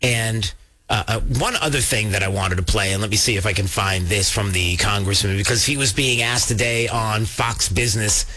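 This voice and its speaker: A man's voice: lowish voice, moderate pace, bright, forceful tone. A man hosting a political talk show in a rambling, casual way with lots of filler words.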